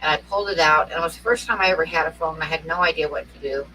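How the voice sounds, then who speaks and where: A deep-voiced woman talks very fast with a sharp tone. She's a middle-aged co-host from Oregon, USA, telling meandering anecdotes in casual chat and often dissolving into laughter, captured by a distant mic with faint noise.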